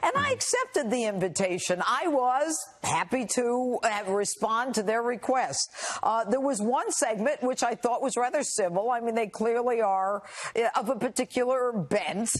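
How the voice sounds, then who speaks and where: A woman in her sixties, a guest on a cable news interview, telling her story in an indignant, animated way. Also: a little high, normal speed.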